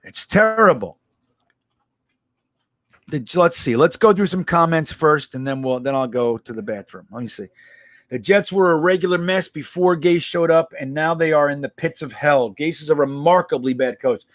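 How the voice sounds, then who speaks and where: A man with a high voice hosts a casual live stream, reading out comments and answering them bluntly, swearing freely. The sound is dry and close, with no room around it. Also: moderate pace, no room sound. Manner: blunt, profane, reacts to chat.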